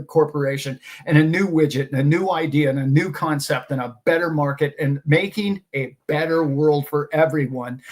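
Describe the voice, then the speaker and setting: Emphatic man preaching optimism. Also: fairly high pitch. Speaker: host. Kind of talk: casual monologue.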